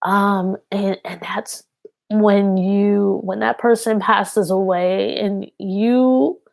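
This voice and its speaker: A woman giving a tarot card reading to camera. She speaks earnestly and haltingly, with many fillers. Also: medium pitch, fairly even intonation, gravelly, darkish tone, dry recording.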